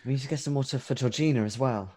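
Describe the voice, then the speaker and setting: A man's voice: mid-range voice, racing, darkish tone. A man playing a tabletop horror game, speaking earnestly. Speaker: player.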